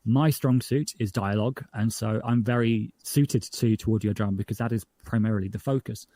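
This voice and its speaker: A man's voice: fairly low pitch, fairly quick. A man from northern England, a podcast creator, talking casually in an interview, often restarting his sentences and livening up when he tells jokes. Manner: chatty, self-correcting, animated when telling jokes.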